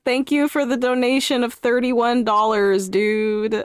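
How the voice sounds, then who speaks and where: High-voiced excitable woman streamer. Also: a little slow, clear, resonant tone, dry recording, studio quality. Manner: excitable, laughs often, jumps to loud outbursts. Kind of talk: casual live-stream chat.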